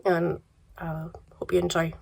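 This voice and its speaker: A Scottish woman vlogging casually about yarn and advent calendars, her voice croaky from a cold, relaxed and chatty with soft trailing asides. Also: lowish voice, unhurried. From Scotland. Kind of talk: casual chat to camera.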